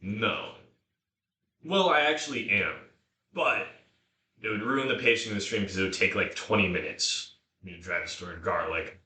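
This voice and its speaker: A man's voice: on the low side, normal speed, bright, forceful tone. A man live-streaming as he cooks in his home kitchen, drinking beer, rambling with lots of swearing and chatting to his dog. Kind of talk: casual live-stream chat while cooking. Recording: roomy kitchen, mic from afar.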